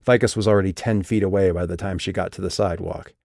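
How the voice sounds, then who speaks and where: Male audiobook narrator, deep, low voice, dry close booth sound. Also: fairly even intonation, fast talker, creaky, darkish tone, no room sound.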